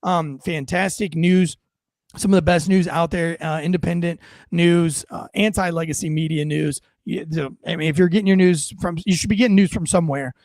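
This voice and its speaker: A man's voice: fairly high pitch, fairly even intonation, normal speed, darkish tone, dry recording, studio quality. A man hosting a podcast, talking through a video clip in emphatic, casual commentary with frequent fillers. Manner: emphatic, punchy, with many fillers. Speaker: podcast host.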